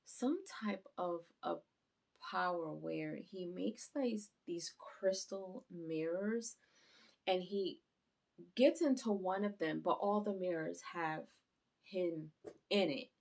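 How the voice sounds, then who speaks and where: A woman with a fairly low voice and a gravelly edge of fry reviews an anime episode for her viewers. She retells the plot in a loose, chatty way, tossing in fillers as she goes. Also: slow. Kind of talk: casual episode recap review.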